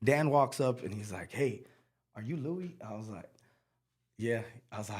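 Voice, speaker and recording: Middle-aged man, slangy guest storyteller, animated delivery, mid-range voice. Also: medium pitch, moderate pace. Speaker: guest country singer. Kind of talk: casual storytelling interview.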